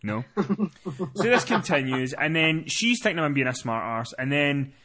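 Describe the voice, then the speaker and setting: A man's voice: on the high side, sing-song, normal speed, crowd noise. A man chatting on a podcast, telling a rambling story with many restarts. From lives in Scotland. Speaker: podcast co-host. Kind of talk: casual podcast chat.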